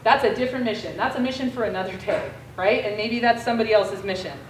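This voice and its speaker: An American woman giving a guest lecture to a class, telling a story in a frank, casual, lively way. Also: medium pitch, fast, a little hiss or hum. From United States. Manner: animated storyteller, casual and frank with mild swearing. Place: lecture room. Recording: echoey room, voice from far off.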